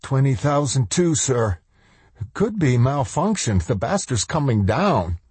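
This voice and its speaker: A man's voice: mid-range voice, big pitch swings, a little slow, warm tone, slightly rough, no echo, pitched above the performer's own voice, full character voice. A man voicing a young, nervous male radar technician whose voice cracks with alarm.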